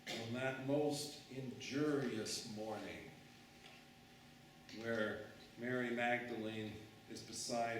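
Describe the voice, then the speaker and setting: Brief: man preaching, slow and dramatic, in a very echoey room, distant mic. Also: mid-range voice, slight background noise. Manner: dramatic, unhurried storytelling. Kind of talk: storytelling sermon.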